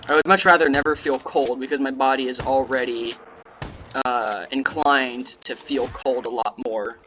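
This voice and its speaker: A young man giving casual gameplay commentary as a YouTuber, monotone and sarcastic-sounding, rambling with lots of fillers. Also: medium pitch, normal speed, background noise. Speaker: gaming YouTuber.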